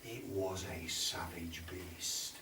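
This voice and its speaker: Slow English storyteller in a roomy hall. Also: male voice, low voice, little pitch movement, pushed and bright. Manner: dramatic, dropping to whispers and rising for effect. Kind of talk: oral folk tale telling. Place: storytelling event. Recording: roomy sound from far off with background noise.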